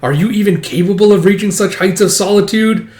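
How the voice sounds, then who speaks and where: A man's voice: high voice, a little fast, darkish tone, voice pushed up, close to an everyday voice. A man voicing a pompous, lonely male swordsman who declaims grandly. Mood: grandiose. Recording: roomy echo.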